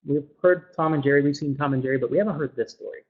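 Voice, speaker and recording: A man's voice: fairly high pitch, very fast, slightly rough. Chatty man on a dull webinar mic. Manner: chatty, repeats words, fills with um. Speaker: webinar presenter. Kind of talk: casual webinar talk.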